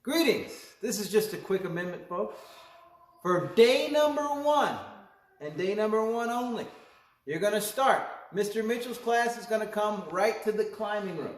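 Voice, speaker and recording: Lively high-voiced male teacher, gym echo. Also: normal speed. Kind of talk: announcements to students. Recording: echoey gym, distant mic.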